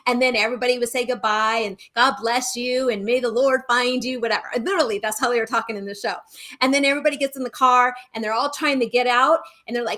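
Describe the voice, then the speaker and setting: Brief: woman co-host, chatty storyteller, animated, slightly high voice. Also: fast. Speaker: show co-host. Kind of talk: casual spiritual chat.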